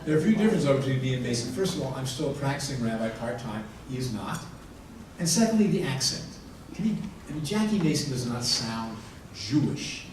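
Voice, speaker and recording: A man in his sixties, a rabbi doing stand-up comedy, telling jokes dryly with pauses before punchlines. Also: mid-range voice, animated, a little mellow. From United States. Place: large hall with audience. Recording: echoey hall from far off, room noise.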